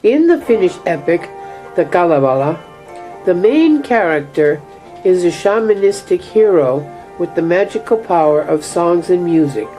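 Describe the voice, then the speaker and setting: Low, mellow female documentary narrator. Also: normal speed, faint music behind, low-quality recording. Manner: calm explanatory delivery.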